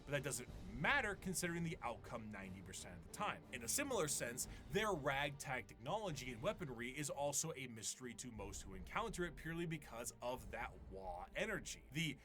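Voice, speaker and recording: A man's voice: mid-range voice, big pitch swings, a little fast, few pauses. A man reading a scripted video essay narration in a dry, explanatory way. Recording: narration over background music.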